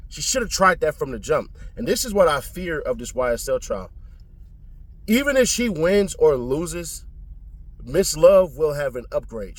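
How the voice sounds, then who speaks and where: A man giving casual commentary on a court trial, talking bluntly and profanely in slang, and jumping up in pitch to make a point.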